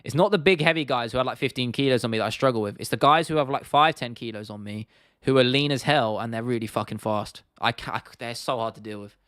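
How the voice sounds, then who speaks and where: A man's voice: mid-range voice, fast, hardly any pauses, fairly bright tone, dry recording, studio quality. A young man in his twenties hosting a casual livestream Q&A, laid-back and sweary, often laughing. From United Kingdom. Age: 20s. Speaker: livestream host.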